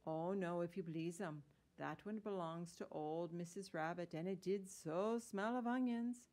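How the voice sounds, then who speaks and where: A woman's voice: on the low side, unhurried, a little mellow, natural voice. Storybook hedgehog washerwoman, female, fussy and deferential, old-fashioned country speech, read by a woman. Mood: eager, polite.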